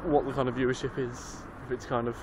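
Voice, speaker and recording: A man's voice: medium pitch, little pitch movement, fast talker. Rambling young Englishman on a noisy street. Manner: rambling, swearing, storytelling. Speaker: vlogger. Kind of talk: casual rambling vlog. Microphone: handheld phone. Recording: noisy street recording on a phone.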